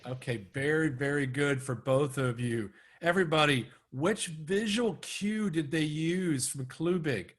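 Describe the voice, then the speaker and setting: A fairly high-voiced man runs a remote training session over a video call. He coaches his trainees in an upbeat voice and keeps pushing them to go bigger. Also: measured pace, few pauses. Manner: upbeat coaching, urging participants on. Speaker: sales trainer. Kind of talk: live online training session.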